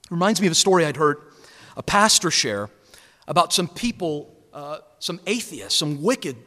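A man's voice: a little high, bright, forceful tone, big-room sound. A man preaching a sermon as a guest preacher, emphatic and earnest.

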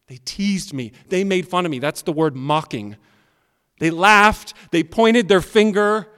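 A pastor preaching an expressive sermon that now and then speaks directly to the children. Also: male voice, high-pitched, unhurried, clear, resonant tone. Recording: long hall reverb.

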